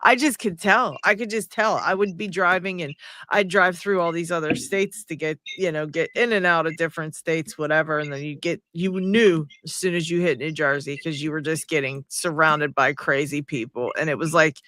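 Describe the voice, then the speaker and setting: A man hosts a livestream in easy conversation, laughing often as he reads out comments. His voice sits high and bright. The sound is dry and close. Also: fairly even intonation, normal speed, dry recording. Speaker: livestream host. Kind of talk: casual chat.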